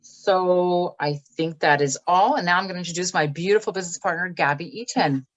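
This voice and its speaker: A woman co-host making brisk housekeeping announcements before handing over to her partner, over a video call. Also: lowish voice, rough recording. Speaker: co-host of the network.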